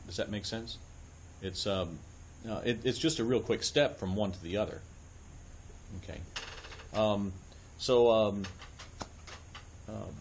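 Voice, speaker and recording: A man's voice: lowish voice, a little hiss or hum. A man giving a church lecture, explaining step by step with frequent ums and uhs and checking that listeners follow. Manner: explanatory, many ums and uhs, asks if it makes sense. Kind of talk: church adult education lecture. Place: church classroom.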